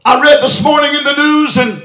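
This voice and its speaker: In an echoing sanctuary, a preacher from Texas delivers a fervent revival sermon at a moderate pace. His voice is pitched very high for a man, and he fills his pauses with "uh" and "hallelujah" as he shouts.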